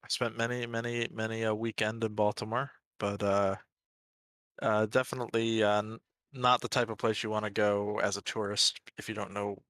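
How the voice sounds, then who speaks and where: A man's voice: fairly low pitch, level tone, normal speed, fairly bright tone, dry recording. A man from the Washington, D.C. area with a local American accent, chatting casually and rambling while he sculpts. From Washington, D.C. area, USA. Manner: rambling, laughs easily.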